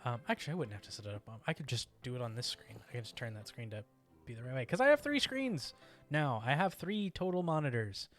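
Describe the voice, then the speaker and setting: Guy streaming a game, middle-pitched voice, chatty and rambling, yelps at stuff, faint music behind. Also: sing-song, fast talker, fairly bright tone. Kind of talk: casual gameplay chat.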